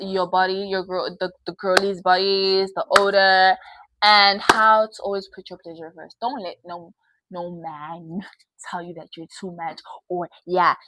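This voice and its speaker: A woman's voice: medium pitch, very noisy. A young woman hosting a podcast, giving candid advice in a casual chat and laughing often. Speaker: podcast host.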